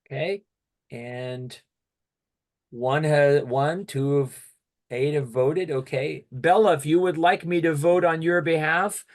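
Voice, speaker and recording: A man facilitating an online workshop over a video call, steady and peppering his speech with "okay". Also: on the high side, takes it slowly.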